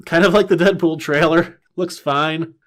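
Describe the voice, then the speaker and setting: A man co-hosting a casual pop culture podcast, talking in a wry, dismissive way with quick asides. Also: a little high, steady tone, fairly bright tone. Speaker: podcast co-host.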